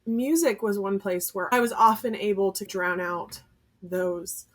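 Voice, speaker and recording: A woman's voice: medium pitch, measured pace. A woman hosting a podcast, asking thoughtful questions and laughing along with her guest. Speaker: podcast host. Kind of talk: casual podcast interview.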